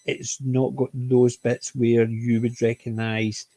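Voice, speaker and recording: A man's voice: medium pitch, level tone, slow, warm tone, no room sound. A man with a mild Scottish accent reviewing a TV comedy in casual chat, rambling and often correcting himself. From Scotland. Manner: rambling, frequent self-corrections and apologetic restarts. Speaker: TV show reviewer.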